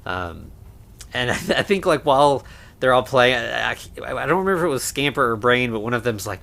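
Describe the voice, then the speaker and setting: A man co-hosting a podcast, casually recapping a film with lots of fillers and quick acted-out lines. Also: medium pitch, big pitch swings, gravelly, fairly bright tone. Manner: laid-back, many fillers, acts out lines. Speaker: podcast co-host. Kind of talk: casual movie recap chat.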